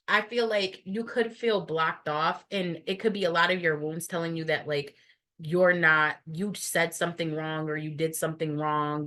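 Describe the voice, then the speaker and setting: A woman's voice: fairly low pitch, fairly bright tone. A woman giving a casual tarot reading to camera, blunt and profane, rambling with many fillers. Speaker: tarot reader.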